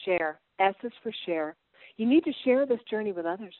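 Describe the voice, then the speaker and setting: A middle-aged woman preaches to a gathering of sisters, hammering out question after question and then sinking to a hushed, intense hush. Her voice comes through narrow and tinny like a phone line, and completely dry. She slips easily into homespun stories from her own home. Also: mid-range voice, lively intonation, a little fast, no room sound. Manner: emphatic, piles up rhetorical questions, drops to soft intensity; folksy personal storytelling. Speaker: women's Bible teacher. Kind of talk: preaching sermon.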